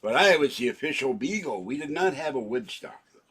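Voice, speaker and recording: A man's voice: medium pitch, lively intonation, fairly quick, fairly bright tone, slightly rough. A man in his seventies rambling through a home vlog, joking and interrupting himself as he goes. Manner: rambling, jokey, self-interrupting. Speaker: channel owner.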